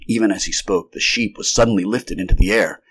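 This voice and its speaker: Male narrator with a fairly low voice, reading a vintage sci-fi story steadily and without rehearsal. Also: fast talker, fairly bright tone, breathy edge.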